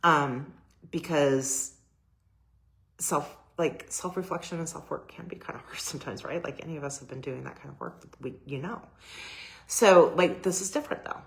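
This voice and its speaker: A middle-aged woman with a notably low voice talks about her photography in a loose, rambling way. She gushes and fills her talk with fillers and restarts. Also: normal speed, vocal fry. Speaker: boudoir photographer. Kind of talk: casual personal talk to camera.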